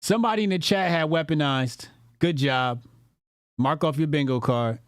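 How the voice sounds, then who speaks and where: A man's voice: a little high, normal speed, clear, resonant tone, dry recording, clean studio sound. A man giving casual, mocking reaction commentary as a streamer, exasperated and profane.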